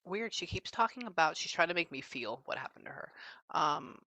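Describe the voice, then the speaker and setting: A woman giving a casual psychic reading, chatting as she relays what she senses with frequent pauses and fillers. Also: low-pitched, sing-song, pushed and bright, no echo. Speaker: psychic medium.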